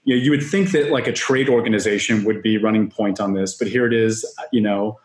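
A man as a software company guest on a podcast, upbeat business talk with frequent restarts. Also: fairly low pitch, fairly even intonation, brisk. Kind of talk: podcast interview. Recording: roomy echo.

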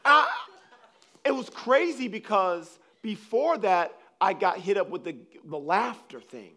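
A man preaching a sermon, telling personal stories in a rambling, animated way, with frequent restarts. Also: high-pitched, unhurried. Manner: animated, acts out scenes with loud laughter and shouts; rambling, restarts sentences often.

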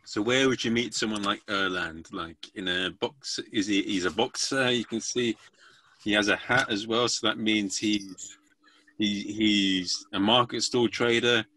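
A man's voice: fairly low pitch, measured pace, bright, forceful tone. A man hosting a casual comedy podcast over a video call, rambling playfully and teasing his guests. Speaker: podcast host.

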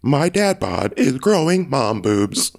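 A man putting on a slow robot voice, speaking as if inhaling. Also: medium pitch, big pitch swings, gravelly, full character voice. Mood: mechanical. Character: male robot talking while inhaling.

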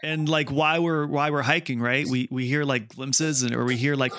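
A young man, a guest, retelling a funny story with excitement in a casual chat. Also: mid-range voice, normal speed, a little hiss or hum.

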